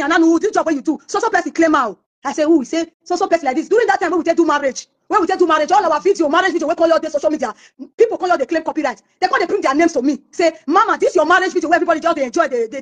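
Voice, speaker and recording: A Nigerian woman talks at a racing clip in a high, bright-edged voice. She tells her story in an interview and keeps slipping into the voices of the people in it. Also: rapid-fire. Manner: acts out quoted voices of others while telling stories. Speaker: singer being interviewed.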